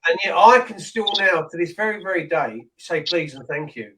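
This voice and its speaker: A man's voice: fairly high pitch, expressive, moderate pace, rough recording. Earnest British man over crowd noise. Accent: British English. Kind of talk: casual podcast chat.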